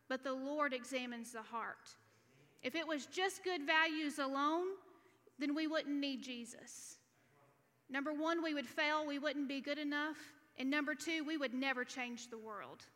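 Woman preacher, bright, high voice, earnest, long church-hall reverb. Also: unhurried. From Alabama. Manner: earnest, teaching point by point. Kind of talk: sermon.

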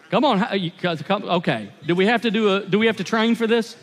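High-voiced pastor preaching in a hall. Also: male voice, expressive, quick pace, hardly any pauses. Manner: emphatic, conversational preaching with repeated phrases. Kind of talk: sermon.

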